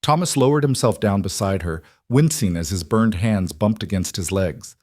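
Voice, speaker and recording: Male narrator, low and dry, calm scripted storytelling. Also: moderate pace, no echo.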